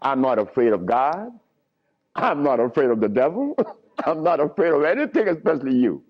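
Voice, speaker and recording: A man gives a lecture to a crowd, his fairly high voice swooping up and down as he tells stories and chuckles between points. The old recording is dull and lo-fi. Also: moderate pace. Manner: animated storytelling with frequent chuckles. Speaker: lecturer on herbal healing. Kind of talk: lecture to a live audience.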